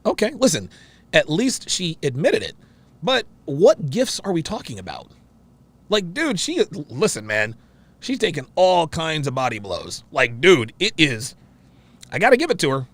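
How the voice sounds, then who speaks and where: A man hosting a reaction show, commenting on a clip in an excitable way and often repeating himself. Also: on the high side, unhurried. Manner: excitable, interrupts and repeats phrases.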